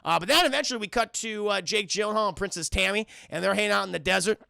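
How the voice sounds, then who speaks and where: High, gravelly-voiced male streamer. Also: quick pace, no echo, clean studio sound. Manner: profane, animated, addresses chat constantly. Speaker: streamer and film reviewer. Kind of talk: casual spoiler review to a live chat.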